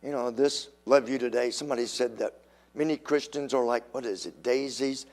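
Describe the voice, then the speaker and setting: Preaching at a slow, emphatic pace, an older man brings quoted voices to life, his pitch jumping abruptly as he animatedly performs them.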